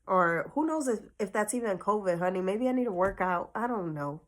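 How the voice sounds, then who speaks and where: A woman's voice: medium pitch, lively intonation, a little fast. A woman telling a personal story on her vlog in a casual, chatty way full of fillers, slightly short of breath. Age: adult. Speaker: vlogger.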